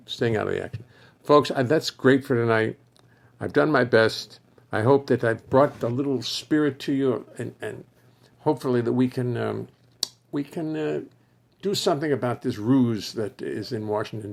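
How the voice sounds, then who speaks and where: A man hosts a loose, rambling livestream, thinking out loud and greeting viewers one by one. His voice is hoarse and heavily gravelly, pitched in an ordinary middle range. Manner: chatty, wandering, thinks aloud and greets viewers by name. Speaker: musician hosting a livestream for fans. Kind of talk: rambling casual livestream chat.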